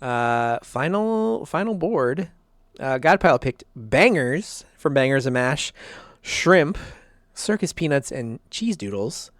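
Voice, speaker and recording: A man's voice: mid-range voice, big pitch swings, slow pace, a bit bright, no echo. Chatty man on a dry mic. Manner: laughs often, repeats himself, many fillers. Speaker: podcast host. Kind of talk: casual chat.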